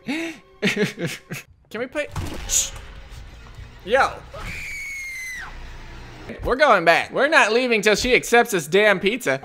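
A man's voice: sits high, pushed and bright. A man commentating a horror game, jumpy and jokey, swearing often as he panics. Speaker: gamer.

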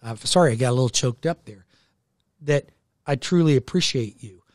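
A man's voice: mid-range voice, moderate pace, dry recording, studio quality. A man in his sixties from Florida, hosting a radio show and talking to his listeners in an earnest, sincere, folksy way. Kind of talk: heartfelt radio talk to listeners. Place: radio studio.

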